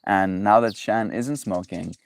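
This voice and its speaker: A man hosts his daily livestream, rambling loosely and greeting viewers as bro. His voice sits on the low side. The sound is dry and close, with no room echo. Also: steady tone, unhurried, vocal fry. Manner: rambling, loose, talks to chat, says bro. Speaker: livestream host. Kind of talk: casual livestream chat.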